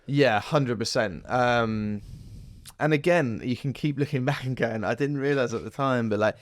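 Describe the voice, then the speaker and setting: A man's voice: medium pitch, normal speed, dry recording. A man, an actor chatting as a podcast guest, telling rambling stories. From southern England. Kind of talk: casual interview chat.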